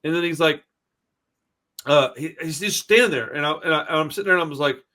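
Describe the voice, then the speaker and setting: A man with a slightly higher voice than most men, swearing freely as he tells long stories in casual podcast chat. His talk is blunt and rambling. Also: fast, pushed and bright. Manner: blunt, profane, rambling anecdotes. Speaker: podcast host.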